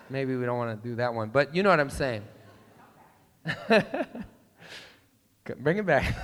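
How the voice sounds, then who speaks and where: A pastor giving a casual, playful sermon that breaks into emphatic bursts. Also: male voice, medium pitch. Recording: long reverb in a large hall.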